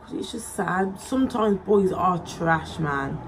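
A woman's voice: fairly low pitch, lively intonation, a little slow, background noise. A young woman chats casually while doing her makeup at home, rambling with plenty of likes and ums. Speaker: beauty vlogger.

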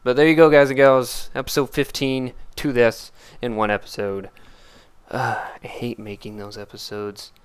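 A man giving casual gameplay commentary, blurting out excited exclamations and complaints at the game as he plays. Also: medium pitch, moderate pace, smooth. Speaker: let's play gamer.

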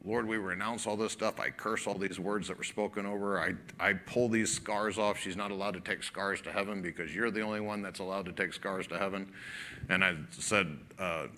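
A man's voice: on the low side, a little hiss or hum. A man pastor preaching a sermon, telling a story conversationally and acting out both sides of the dialogue. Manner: animated storytelling, acts out dialogue; casual, conversational preaching with fillers.

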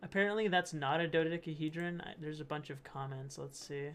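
A young man hosts his channel, reading through posts and commenting casually, laughing a lot and tripping over his words. His voice sits on the high side, with fairly even intonation and a fairly quick pace.

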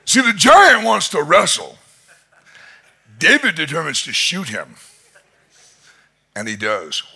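A male pastor preaching a sermon in an animated storytelling manner, chuckling often as he tells the story. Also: on the high side, gravelly, husky.

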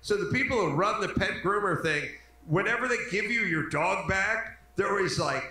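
Bright, ranting male podcast host. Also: high-pitched, lively intonation, moderate pace, heavy reverb, low-quality recording. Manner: profane, ranting riffs. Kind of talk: comedic podcast chat.

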